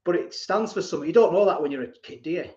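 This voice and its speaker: A man's voice: on the high side, racing, a little mellow. Chatty man, roomy dull audio. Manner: chatty, reads out viewer comments, laughs often, reminisces. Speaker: live stream host. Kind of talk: casual live-stream chat. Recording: roomy, slightly dull live-stream audio.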